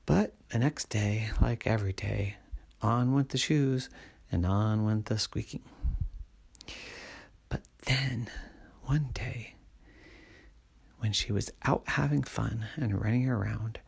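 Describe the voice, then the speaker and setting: Man whispering a bedtime story, super gravelly and breathy, really slow. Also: lowish voice. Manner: soft, hushed, lulling.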